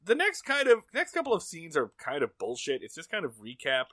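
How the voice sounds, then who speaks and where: A man co-hosts a casual podcast and recaps an old sitcom episode with jokey, profane commentary. His voice is bright and forceful and swings widely in pitch. The sound is dry and close, with no room around it. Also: brisk, no echo. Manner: animated, acts out quotes in loud voices, profane. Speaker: podcast co-host.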